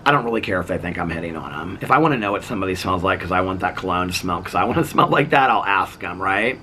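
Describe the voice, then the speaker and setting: A man vlogging, telling a long story in a chatty, animated way, full of "like" and "so anyway" and acting out what people said. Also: low voice, quick pace, slight background noise. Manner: chatty, animated, acts out other people's lines; filler-heavy, lots of "like" and "so anyway". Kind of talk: casual storytelling.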